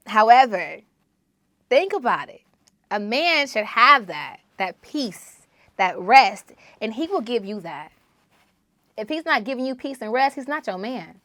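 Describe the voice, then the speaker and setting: A woman hosts a solo podcast and preaches with emphatic repetition. Her bright, forceful voice swings from loud exhortation to quieter asides. The sound is dry and close, with no room around it. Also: fairly high pitch, very animated, unhurried, dry recording. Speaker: podcast host.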